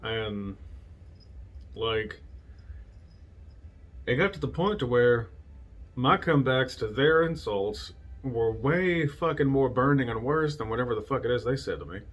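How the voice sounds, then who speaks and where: A man's voice: mid-range voice, lively intonation, unhurried, pauses often. A man hosting a casual solo talk show, telling stories from his past bluntly and with lots of swearing, laughing at himself now and then. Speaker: podcast host.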